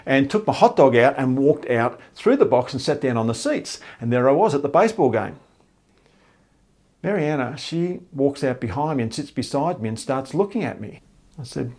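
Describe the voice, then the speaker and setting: An Australian man spins a humorous personal story with a husky voice. His pitch rises and falls in lively swings, and his telling is light and self-deprecating. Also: moderate pace.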